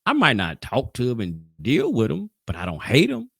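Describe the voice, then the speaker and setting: At a moderate pace, a gravelly but slightly bright male voice of medium pitch swings hugely in pitch while leading a casual Sabbath Bible class. His emphasis rises and falls, he pushes key points, and he restarts often, all captured in clean studio audio with no room sound.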